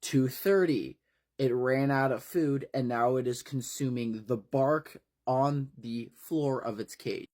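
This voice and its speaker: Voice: mid-range voice, slow, a little mellow. A narrator casually retelling a horror novel part by part, talking in a wry, conversational way with frequent fillers.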